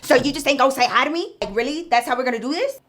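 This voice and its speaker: A rude, entitled woman shopper, put on by a woman, firing off indignant complaints. She sits higher and louder than an easy chatting voice, scolding without a pause. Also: expressive.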